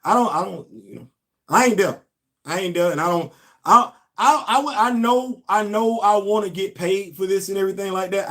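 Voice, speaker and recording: A man hosting a casual toy unboxing live stream, talking straight to his viewers in a relaxed way, often repeating himself. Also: fairly high pitch. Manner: laid-back, talks straight to viewers, repeats phrases, trails off.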